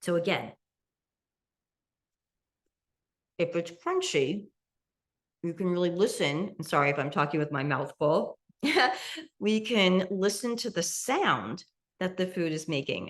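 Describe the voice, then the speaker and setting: Gentle woman guiding a mindful eating class. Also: fairly low pitch. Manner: slow, gentle guiding with soft laughs. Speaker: meditation instructor. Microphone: video call.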